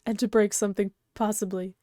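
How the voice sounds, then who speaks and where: A woman's voice: mid-range voice, little pitch movement, a little fast, warm tone, dry recording, clean studio sound, close to an everyday voice. A woman voicing a prim, snobbish and very strong male troll aristocrat, haughty and formal, reading a webcomic aloud. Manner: haughty, fussy, formal wording.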